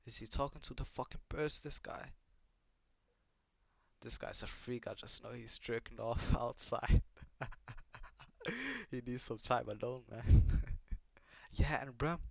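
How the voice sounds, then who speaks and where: A man's voice: mid-range voice, fairly even intonation, unhurried, gravelly, pauses often, dry recording. A young man giving casual reaction commentary on an anime, swearing a lot, rambling and asking puzzled questions.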